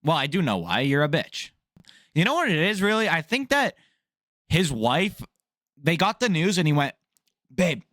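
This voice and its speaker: A man's voice: on the high side, a bit bright, no echo, studio quality. Blunt, profane man ranting. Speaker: MMA news vlogger. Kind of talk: casual ranting commentary.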